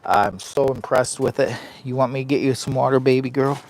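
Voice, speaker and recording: A man's voice: mid-range voice, steady tone, a little fast. A man live-streaming from a heated camping tent, rambling casually and sweating in the heat, talking to his dog in a doting voice. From Michigan. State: hot and sweating. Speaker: outdoor vlogger and live streamer. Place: inside a heated tent in the rain.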